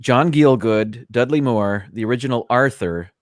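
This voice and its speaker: A man in a casual live-stream chat on a video call, retelling a film scene haltingly with many pauses and fillers. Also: mid-range voice. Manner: hesitant storytelling with many fillers.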